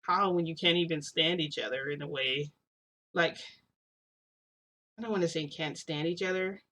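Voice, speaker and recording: A young woman tells a long personal story in a loose, chatty vlog style. Her voice is bright and forceful. She keeps filling with "like" and restarting her sentences as she goes. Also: sits low, moderate pace. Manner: rambling, heavy use of "like", frequent restarts. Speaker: vlogger. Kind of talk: casual storytelling.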